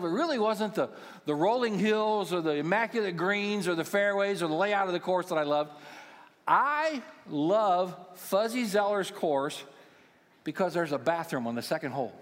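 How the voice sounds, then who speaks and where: A man in his sixties, a pastoral care minister, preaching a sermon with humorous, self-deprecating stories for the congregation. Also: high-pitched. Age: 60s. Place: large church auditorium. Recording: long church hall reverb.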